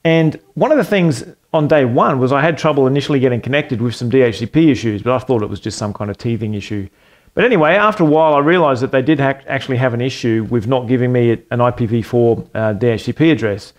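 A man hosting a casual tech video, talking through a screen share in a relaxed, rambling way with plenty of fillers and the odd swear. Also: mid-range voice, fast talker. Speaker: tech channel host. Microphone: desk microphone for the screen segment.

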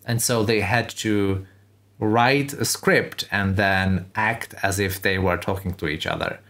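Low-voiced man thinking aloud in commentary. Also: steady tone, unhurried, fairly bright tone. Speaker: host reacting to a tech keynote. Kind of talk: casual commentary over video.

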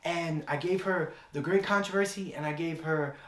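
A young man preaches a sermon, mixing a personal story into his message and repeating phrases for weight. His voice sits a little high for a man. The sound carries the echo of a church hall. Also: steady tone, normal speed, a bit bright.

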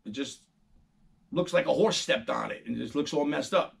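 A middle-aged man, hosting a casual, profane and animated monologue. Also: mid-range voice, normal speed, gravelly, slightly rough. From New York. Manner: animated, profane storytelling, acting out quoted voices. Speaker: host.

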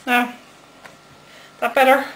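A woman's voice: high-pitched, little pitch movement, slow, a bit bright, slight background noise, low-quality recording. A woman with a Dublin accent making soap and chatting casually, teasing and muttering as she works. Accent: Dublin Irish. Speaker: soap maker. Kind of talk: casual craft demonstration.

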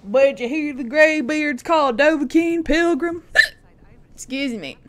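Speaking slowly in a high voice, this young woman streams a game with chatty, giggly commentary. She addresses the game characters as well as her chat.

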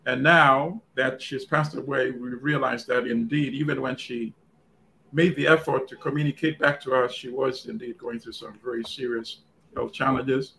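Male co-host, radio regular, gravelly and sharp-toned, deliberate tribute delivery. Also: medium pitch, steady tone, slight background noise, rough recording. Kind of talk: panel discussion on a podcast.

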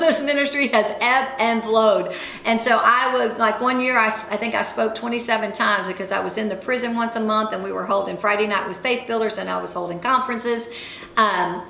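A woman ministry speaker and show host giving an animated sermon-style testimony, telling her story with frequent laughs. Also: mid-range voice. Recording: echoey room with faint ambient noise.

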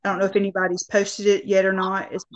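A woman's voice: mid-range voice, monotone, quick pace. Friendly woman on a video call. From North Alabama. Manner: friendly, hesitant, giggly. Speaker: caller showing finds. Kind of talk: casual video call chat. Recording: dull lo-fi video call audio.

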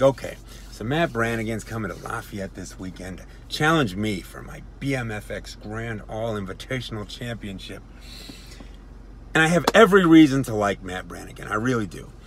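A man cutting a comedic wrestling promo from his parked car into a phone, swinging between mumbled asides and loud boasts. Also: lowish voice, a little hiss or hum. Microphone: phone camera.

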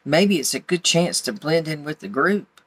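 A woman's voice: sits low, animated, normal speed, slightly rough, no echo. A woman voicing an easygoing male farm animal from a children's story.

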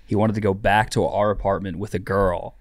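A man's voice: lowish voice, flat delivery, fairly quick, no echo, clean studio sound. A man guesting on a podcast, telling rambling stories with swearing and lots of fillers. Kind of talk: casual storytelling banter.

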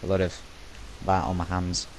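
A man's voice: sits low, monotone, normal speed, darkish tone, a little hiss or hum. A young British man in casual voice chat while gaming, telling a rambling story. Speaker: gamer.

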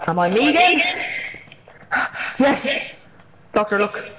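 Man voicing a giddy time villain, high voice, swooping pitch, playful chatter, game roleplay. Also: very animated, slow pace, background noise, full character voice. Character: excitable newly regenerated male time villain.

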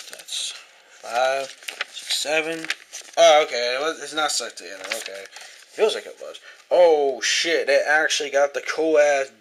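A man's voice: medium pitch, background noise. A young man doing a casual unboxing vlog at home on a camera mic, rambling, swearing often and getting easily frustrated. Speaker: vlogger. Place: indoors at home.

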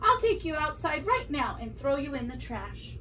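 Storybook old man voiced by a woman, grumbling and fussing, high and bouncy, faint background hum. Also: big pitch swings, moderate pace, bright, forceful tone, exaggerated voice. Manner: scolding, fussing to himself. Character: elderly man, grumbling at his hat. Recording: distant mic, faint room noise.

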